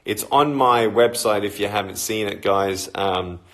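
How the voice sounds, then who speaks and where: A middle-aged man with an Australian accent talks loosely to his viewers on a phone live stream. His voice sits a little low, and he greets people by place, pausing often with ums and uhs. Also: a bit bright. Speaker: motivational speaker. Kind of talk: casual live-stream chat. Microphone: phone livestream.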